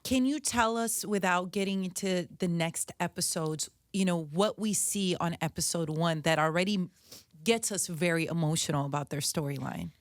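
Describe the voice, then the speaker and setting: A woman hosting a radio interview, encouraging and quick with short replies. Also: lowish voice, no echo, clean studio sound. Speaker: radio host. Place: radio studio.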